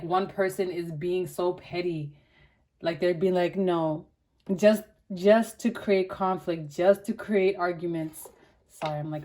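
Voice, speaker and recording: A young woman reads tarot cards in a loose, slangy, chatty way, leaning on fillers as she goes. Her voice is mellow and warm and sits a little low. She talks to viewers like friends. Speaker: tarot reader. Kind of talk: casual tarot reading.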